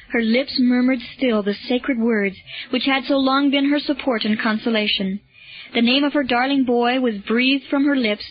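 A woman reading a story aloud in a measured, solemn tone. Her voice sits fairly high. The recording sounds dull and lo-fi. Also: no echo. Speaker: audiobook narrator. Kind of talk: scripted storybook narration.

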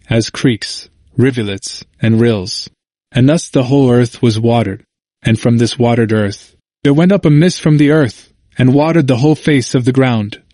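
A man reading scripture and a Bible commentary aloud, with slow, deliberate phrasing broken into short clauses. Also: mid-range voice, darkish tone, no echo, studio quality.

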